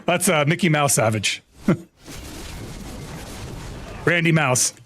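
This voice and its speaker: A man hosting a live stream and bantering playfully with viewers. His speech is lively and sits a bit higher than typical. He is loose and joking throughout. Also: slow, pauses often, slight background noise. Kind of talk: casual live-stream chat.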